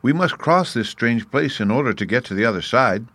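A man reading the lines of a polite young girl in a storybook, close to his own low voice. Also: expressive, a little fast, pushed and bright, no room sound.

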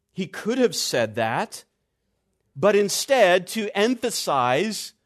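Preaching expository style, this man leans deliberately on important words, then lets each phrase trail off low and quiet.

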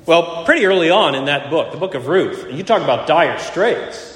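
A man's voice: a little high, expressive, normal speed, fairly bright tone. A male pastor preaching a morning sermon with earnest emphasis, repeating his key phrases. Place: church sanctuary. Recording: echoey church hall.

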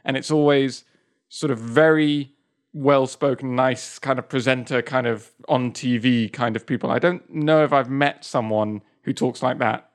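A man of middle pitch co-hosting a podcast, talking freely in casual chat. He laughs easily and likes to tease his partner. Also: steady tone, moderate pace. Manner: chatty, laughs easily, teasing. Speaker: podcast co-host.

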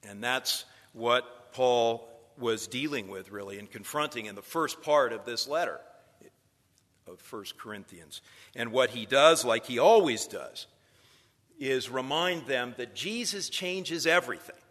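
Bright-voiced man preaching in a hall. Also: mid-range voice, animated, unhurried. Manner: storytelling, building to emphatic points. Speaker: preacher teaching future preachers. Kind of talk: sermon-style lecture.

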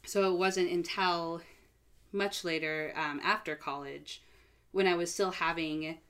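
Low-voiced woman in casual chat. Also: measured pace, smooth. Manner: relaxed, chatty, many fillers. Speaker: guest sharing a coming-out story. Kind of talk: casual podcast conversation.

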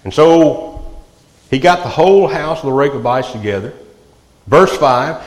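A man preaching a sermon, swinging from loud outbursts to hushed, quiet lines. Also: fairly high pitch, lively intonation, unhurried. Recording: echoey hall, reverb.

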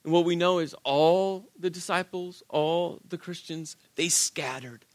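A man preaching a sermon, telling the story with animated, acted-out quotes and rhetorical questions. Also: fairly high pitch, a little slow. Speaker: pastor.

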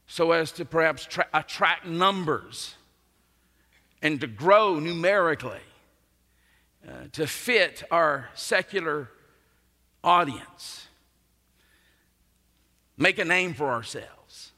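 A male pastor delivering a sermon in an earnest, emphatic way, his bright, fairly high voice leaping and falling with great animation. He takes his time over each phrase, and a long reverb from the large church hall trails behind every word. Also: lively intonation, slow, long pauses. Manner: earnest, emphatic preaching with dramatic rises and drops.

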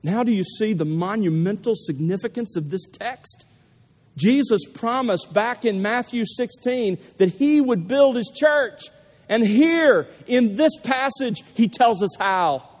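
A man's voice: high voice, animated, a little slow. A man preaching a sermon to a gathering, speaking emphatically and leaning hard on repeated key phrases. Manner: emphatic, building to stressed repetitions. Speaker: pastor. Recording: long reverb of a large hall.

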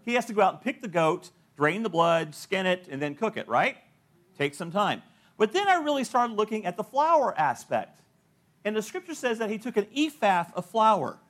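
His voice sits high with a fairly bright tone as this middle-aged man preaches. Stories fill the sermon, he mimics the people he quotes, and he laughs at his own points a lot.

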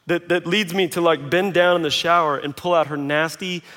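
Male pastor, high-pitched, casual and joking from the pulpit, recorded in a big reverberant auditorium. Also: normal speed. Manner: conversational, self-mocking, animated quoting. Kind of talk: sermon. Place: large auditorium. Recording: long reverb of a large hall.

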